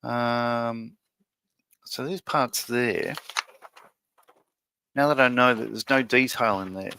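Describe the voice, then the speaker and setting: Male streamer, gravelly, hesitant and musing, dry close sound. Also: medium pitch, steady tone, slow, sharp tone, dry recording. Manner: musing, hesitant, many fillers and restarts. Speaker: livestream host building a model ship. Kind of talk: casual live-stream chat.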